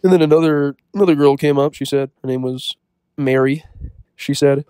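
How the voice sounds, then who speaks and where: Deadpan young man telling a dumb story. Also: mid-range voice, fairly quick, clean tone, dry recording, studio quality. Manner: deadpan, self-serious, rambling with fillers. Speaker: comedy storyteller. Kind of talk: deadpan comedic story monologue.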